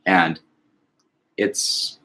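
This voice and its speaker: A man in casual conversation about music, reflective and thoughtful, sometimes slowing to recite lyrics in a measured cadence. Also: sharp tone. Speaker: podcast co-host.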